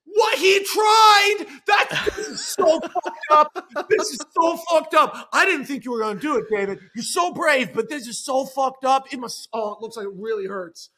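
A man voicing an angry young man who rants at his best friend, yelling much of the time. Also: high-pitched, little pitch movement, a little fast, few pauses, slightly rough. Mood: shocked. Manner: yelling, ranting.

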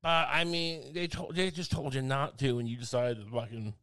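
A man of middle pitch talking loosely in a comedic chat. He rambles, restarts his sentences and mocks his own bad analogies as he goes. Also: fairly even intonation, normal speed, a bit bright. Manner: rambling, self-mocking, lots of restarts.

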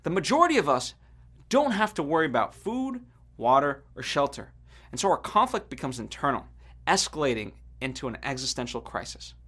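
Animated earnest man hosting a podcast. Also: fairly high pitch, a little fast, husky. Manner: earnest, reflective, emphatic. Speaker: podcast host. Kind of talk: scripted motivational monologue.

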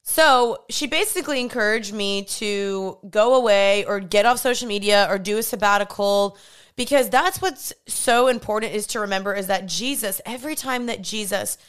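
A young woman talking earnestly and chattily to her vlog audience about her own struggles, with quick asides. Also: mid-range voice, fairly bright tone, clean tone. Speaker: vlogger. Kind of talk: casual confessional vlog talk.

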